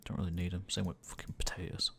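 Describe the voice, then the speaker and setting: A young man in his late teens, with a croaky voice, chatting casually and rambling through a gaming livestream. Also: low voice, monotone, quick pace. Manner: rambling and chatty, with frequent fillers and swearing.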